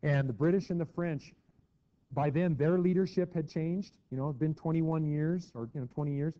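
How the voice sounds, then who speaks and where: A man's voice: fairly high pitch, normal speed. A middle-aged man teaching a history lesson to a class in a chatty way, acting out quotes with mock voices. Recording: dull lo-fi classroom recording.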